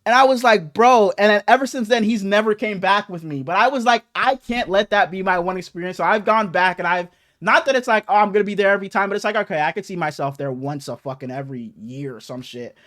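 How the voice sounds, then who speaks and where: A young man with a notably high voice, chatting on a podcast as co-host. He tells stories animatedly and swears a lot, his speech loose and unscripted. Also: fast, hardly any pauses. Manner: animated, profane storytelling with acted quotes. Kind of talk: casual chat, storytelling.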